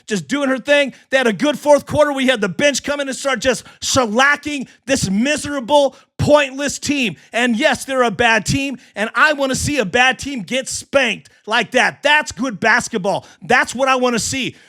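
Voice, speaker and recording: A man hosting a sports live stream, talking with hyped excitement and firing back at chatters. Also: extremely high pitch. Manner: hyped, fast, heckling chatters. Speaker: sports livestream host.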